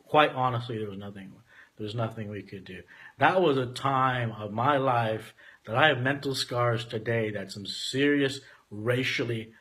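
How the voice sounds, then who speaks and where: A man in his forties telling a candid personal story, emphatic and profane, swinging between loud outbursts and quiet asides. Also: mid-range voice, normal speed, breathy edge. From Canada.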